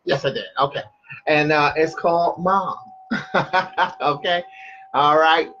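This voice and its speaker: A man's voice: a little high, fairly even intonation, takes it slowly, bright, forceful tone, lo-fi sound, slight background noise. A man hosting a broadcast, reading a story aloud with chatty asides and stumbling restarts. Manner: chatty, loses his place and restarts.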